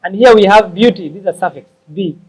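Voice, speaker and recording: Man, high voice, English lesson, repeats and corrects himself. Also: darkish tone, slightly rough, rough recording. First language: Somali. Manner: slow, repetitive, stops to correct himself. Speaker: English teacher. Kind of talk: explaining tips to learners.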